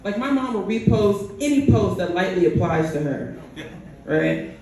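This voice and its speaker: A woman performing a stand-up comedy set on a bar stage, with a deadpan delivery that keeps tagging jokes with "right?". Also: medium pitch, measured pace. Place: bar stage in front of a crowd. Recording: echoey room, mic heard from a distance.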